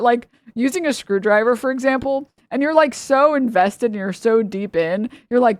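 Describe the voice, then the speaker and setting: A woman's voice: a little high, moderate pace, hardly any pauses, no echo. A woman livestreamer chatting casually with her viewers, blunt and profane, with frequent laughs.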